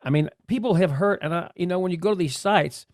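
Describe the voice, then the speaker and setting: A man's voice: high voice, fast talker, darkish tone, dry recording. A man co-hosting a podcast who works as a voice actor, chatting casually and rambling with many fillers and restarts from his home studio. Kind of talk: casual chat.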